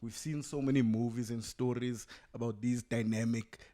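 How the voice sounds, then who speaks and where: A man's voice: medium pitch, fairly even intonation, normal speed, warm tone. A young man from South Africa, a podcast guest in casual discussion, thinking aloud as he talks, recorded through a camera's built-in mic. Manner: thinks aloud, many fillers and restarts.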